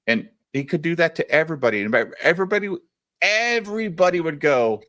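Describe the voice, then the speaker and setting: A man's voice: on the high side, a little fast, no room sound, studio quality. A man telling stories in a casual, profane livestream chat, acting out what others said. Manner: profane, animated storytelling with quoted voices. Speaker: podcast co-host.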